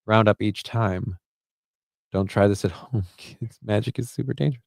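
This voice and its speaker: A man's voice: on the low side, normal speed, creaky, dry recording. A man hosting a casual livestream, loose, profane and jokey, reading chat comments and card text aloud. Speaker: livestream host.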